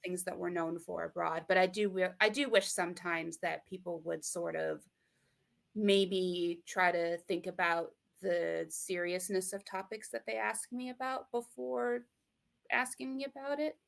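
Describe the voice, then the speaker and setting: Young midwestern woman, low gravelly voice, hesitant, lots of ums. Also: steady tone, measured pace. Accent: American Midwestern. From Michigan, USA. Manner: thoughtful, hesitant, many fillers and restarts. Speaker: interview guest. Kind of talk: casual interview talk.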